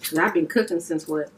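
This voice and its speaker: A woman from Louisiana co-hosts a mukbang video, chatting casually and laughing easily while she eats. Her voice is on the low side and sounds far from the mic, in a low-quality recording with light hiss.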